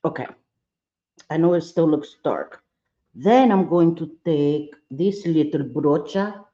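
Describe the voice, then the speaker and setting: A fairly high-pitched man talks his way through a makeup tutorial on a livestream, chatty and playful, fussing at his own eye. His voice is soft and mellow, and the sound is dull and lo-fi. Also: expressive, slow. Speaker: makeup vlogger.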